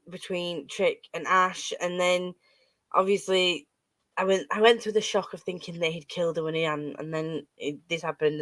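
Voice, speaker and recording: A woman hosting a casual chat, gushing and excitable, swearing freely. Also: on the low side, dry recording. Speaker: host.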